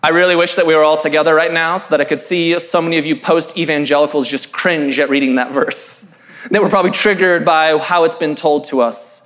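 A pastor giving an earnest, emphatic sermon-style talk, reading scripture and building through repeated phrases. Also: male voice, a little high, fairly even intonation, fairly quick, a bit bright.

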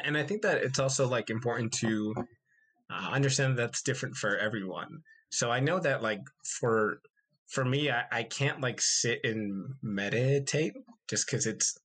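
A male podcast co-host in loose, casual conversation. He pokes fun at himself and laughs often, mixing quick asides with playful quotes of what others say. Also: medium pitch, a bit bright. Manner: self-deprecating, laughs often, playful quoting. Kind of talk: casual chat.

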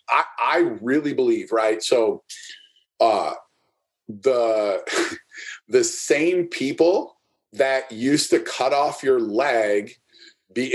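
Brief: man coach guest on a podcast, emphatic, keeps asking "right?". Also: mid-range voice. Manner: emphatic, often asks "right?". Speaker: strength and fitness coach. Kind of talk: podcast interview.

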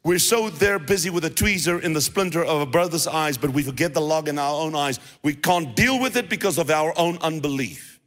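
Speaking briskly with hardly any pauses, a South African pastor with a slightly high, somewhat bright voice preaches casually, restarting and repeating phrases. Faint music sits behind him, and the church hall adds long reverb.

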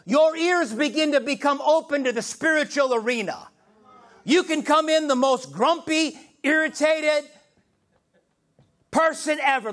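A middle-aged man preaching a sermon as pastor, swinging from loud, animated bursts to hushed, near-whispered moments. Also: very high-pitched.

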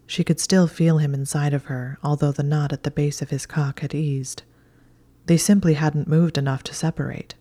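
A woman reading a story aloud in a soft, intimate reading voice. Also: deep voice. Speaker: narrator. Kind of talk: fan fiction reading.

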